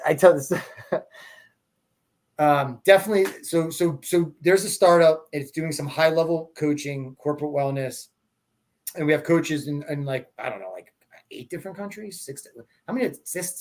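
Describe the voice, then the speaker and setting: A man's voice: fairly high pitch, animated, moderate pace. Rambling, laughing male podcast host. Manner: rambling, with many restarts, laughing through his stories. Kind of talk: casual conversational storytelling.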